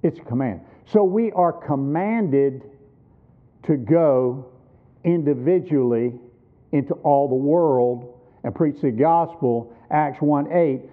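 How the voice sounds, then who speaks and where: In a church, a man in his sixties preaches slowly at a missions conference, his pitch fairly high. His sermon is emphatic and built around rhetorical questions, and the audio sounds thin and tinny, like a phone.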